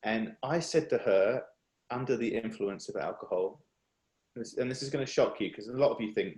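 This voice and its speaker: A man giving an earnest, confessional personal testimony over a video call, halting and restarting as he speaks. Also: medium pitch, darkish tone, roomy sound, rough recording. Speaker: speaker at a worship workshop.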